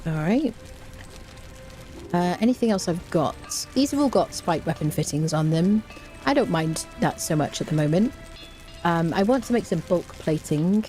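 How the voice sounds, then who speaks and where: A woman's voice: lowish voice, animated, moderate pace, warm tone, faint music behind. A woman chatting casually on a live game stream, reading out chat and humming to herself.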